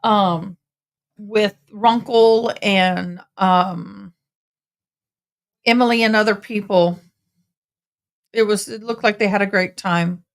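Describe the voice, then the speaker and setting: A woman's voice: mid-range voice, steady tone, slow, long pauses. Woman, tired, rambling casual chat, livestream host at home. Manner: chatty, rambling, talks to viewers as y'all. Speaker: livestream host commenting on a trial.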